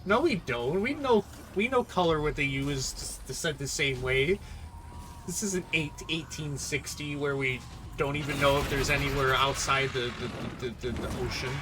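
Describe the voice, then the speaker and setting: A man's voice: mid-range voice, moderate pace, background noise. A young American man chatting casually on a live stream while gaming, laughing often and answering chat. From United States.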